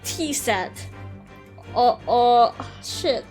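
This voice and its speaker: Woman streamer, high voice, unhurried, swears freely, faint music under her. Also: expressive, a little mellow. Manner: swears and reacts with blurted exclamations. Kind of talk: casual game-stream commentary.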